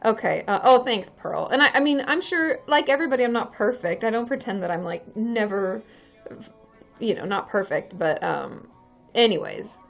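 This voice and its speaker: Over soft background music, this therapist hosts a laid-back livestream in a high-ish voice with lively intonation and vocal fry, at normal speed. Candid and chatty, she curses freely and laughs often through dull lo-fi audio.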